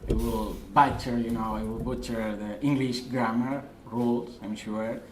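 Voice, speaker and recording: A man's voice: mid-range voice, fairly even intonation, unhurried. A man with a Spanish accent, speaking English as a second language, giving an informal talk at a meetup with many fillers and restarts. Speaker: guest speaker. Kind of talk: presentation talk. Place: meetup room. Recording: roomy echo, faint noise.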